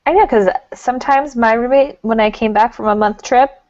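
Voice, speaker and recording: A woman's voice: a little high, moderate pace, darkish tone, dry recording. A woman co-hosting a casual talk show as the psychic, chatty and giggly. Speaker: co-host, psychic. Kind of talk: casual chat. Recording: dull lo-fi sound.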